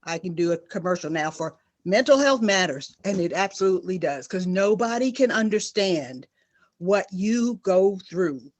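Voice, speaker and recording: A woman's voice: lowish voice, expressive, normal speed, a little mellow. A middle-aged woman, a nurse, giving earnest, emphatic personal testimony on a panel and repeating her key phrases for weight. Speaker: nurse guest speaker.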